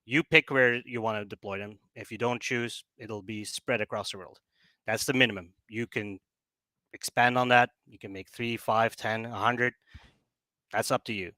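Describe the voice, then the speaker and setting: A man's voice: on the low side, steady tone, moderate pace, bright, forceful tone, no room sound. A man on a remote call, explaining things as a business developer in a casual chat, with many fillers and restarts. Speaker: guest, project business developer.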